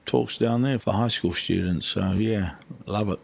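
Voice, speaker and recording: A middle-aged man with a New Zealand accent, a guest in an interview, telling stories in a lively way and acting out the dialogue. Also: lowish voice, a little slow, gravelly, slightly rough, dry recording. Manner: lively storyteller who acts out dialogue. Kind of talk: storytelling interview.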